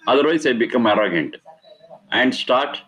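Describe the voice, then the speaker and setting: A man's voice: mid-range voice, lively intonation, moderate pace, a bit bright, muffled recording. A middle-aged man giving a spiritual discourse, stressing and repeating key words and explaining Sanskrit terms. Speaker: Vedic teacher.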